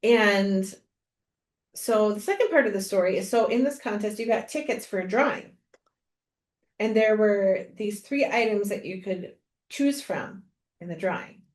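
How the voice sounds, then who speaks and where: A woman co-hosting a podcast, chatting casually and telling an excited personal story. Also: medium pitch, a little slow. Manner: excited, storytelling, acts out quoted voices. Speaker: podcast co-host. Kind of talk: casual chat. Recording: roomy echo.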